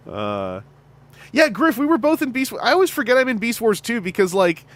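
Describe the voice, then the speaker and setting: Brief: chatty male streamer, around forty, lively up-and-down delivery, laughs a lot. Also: high voice. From Canada. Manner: animated, chatty, laughing often. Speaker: streamer host and fan voice actor. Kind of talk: casual livestream chat.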